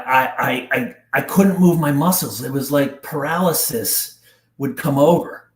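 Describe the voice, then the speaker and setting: Slow, intense man in a roomy space. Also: medium pitch. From New Jersey. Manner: intense, halting, casual slang like dude and bro. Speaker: podcast guest. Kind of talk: emotional personal storytelling. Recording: roomy echo.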